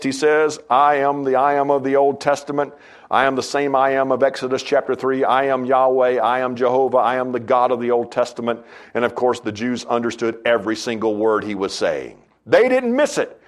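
A man preaching a sermon as pastor, emphatic, his voice swinging between loud high stresses and low quiet asides.

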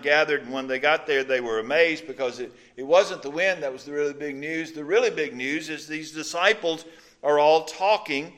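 A middle-aged man from the Mississippi coast with a Mississippi accent, preaching a conversational sermon with folksy stories and filler pauses. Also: a little high, fairly bright tone. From Mississippi Gulf Coast. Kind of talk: sermon teaching with folksy anecdotes.

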